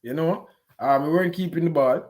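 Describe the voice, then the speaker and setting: A man with a Jamaican accent giving an animated, patois-heavy post-match reaction on a football game. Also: on the high side, brisk. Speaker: football fan pundit.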